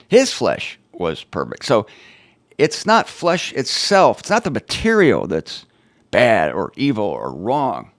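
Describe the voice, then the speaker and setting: A man's voice: on the low side, dry recording. A man hosting his own show, teaching on the Bible in an informal, emphatic way with wry, sarcastic asides.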